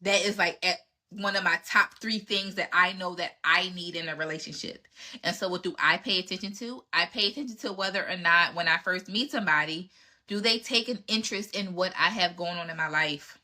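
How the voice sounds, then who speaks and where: A woman's voice: lowish voice, fairly quick, pushed and bright. A woman in her thirties hosting a podcast, giving candid, emphatic relationship advice and acting out her exchanges with past dates. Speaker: podcast host answering relationship questions. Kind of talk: casual advice talk.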